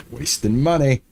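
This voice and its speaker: A man's voice: medium pitch, vocal fry, slightly rough. A man streaming a building game, talking to his viewers and himself, muttering and repeating lines when things go wrong. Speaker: gaming streamer. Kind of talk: casual let's-play commentary.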